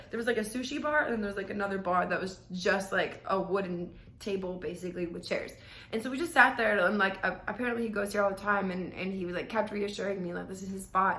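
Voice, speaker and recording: A woman's voice: mid-range voice, pushed and bright. A young woman hosting a podcast, telling a story in a rambling, chatty way and saying "like" a lot. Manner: chatty, rambling, heavy use of "like". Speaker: podcast host. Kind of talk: casual storytelling. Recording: roomy echo.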